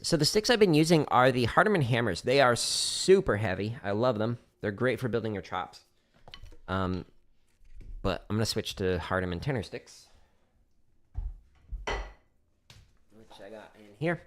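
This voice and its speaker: Speaking a little slowly and pausing often, a man with a medium-pitched voice teaches drums over a livestream from his practice room. His laid-back explanation of technique is full of fillers and captured by a studio microphone by the drum setup.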